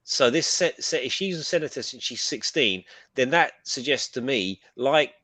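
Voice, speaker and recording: A British man co-hosting a casual pop culture chat, talking in a rambling, animated way with casual swearing. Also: medium pitch, moderate pace, no echo. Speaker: co-host.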